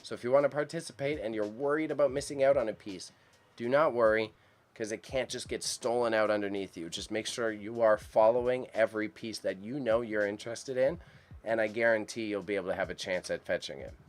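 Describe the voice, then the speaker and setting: Chatty, excited man live-streaming. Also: fairly low pitch, a little fast. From Canada. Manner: chatty and enthusiastic, speaks straight to chat viewers, uses slang. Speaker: live-stream host reacting to an auction. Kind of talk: casual live-stream chat.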